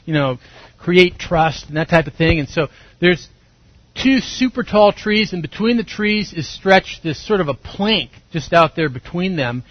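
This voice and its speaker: Middle-aged pastor guy preaching, kinda high voice, bit dull dry sound. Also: no room sound. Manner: animated storytelling, acts out voices and shouts. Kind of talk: sermon. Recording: dry, slightly muffled recording.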